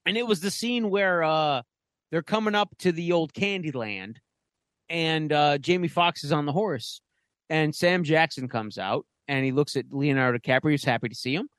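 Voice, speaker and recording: A man's voice: on the high side, moderate pace, a bit bright, no room sound, clean studio sound. A man co-hosting a podcast, telling stories in a blunt, profane way. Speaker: podcast co-host. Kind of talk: casual chat.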